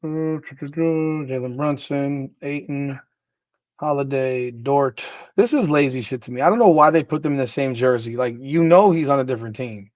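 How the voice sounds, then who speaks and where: This is casual card-opening commentary from a host who breaks cards, a man with a middle-pitched, slightly mellow voice. He sounds offhand, reeling off names in rapid runs as he opens packs. The recording is dry and somewhat dull, with no echo from the room.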